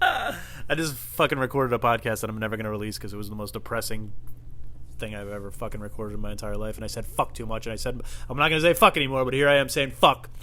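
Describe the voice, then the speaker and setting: A man's voice: on the low side, fast talker, pushed and bright. A man hosting a podcast in a casual comedic monologue, rambling, swearing a lot and laughing at his own stories. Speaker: podcast host.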